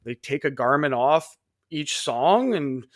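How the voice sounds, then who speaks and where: A man in his thirties, a podcast guest telling stories casually and animatedly, jumping into high voices for quoted people. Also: expressive, slow, no room sound, studio quality. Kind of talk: casual storytelling.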